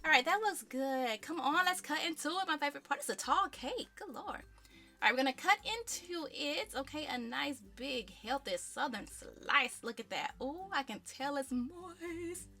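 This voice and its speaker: A woman's voice: high voice, animated, moderate pace, pushed and bright. A woman hosting a home cooking show, chatting casually to viewers as she bakes, with friendly asides about what she likes and dislikes. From American South. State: out of breath.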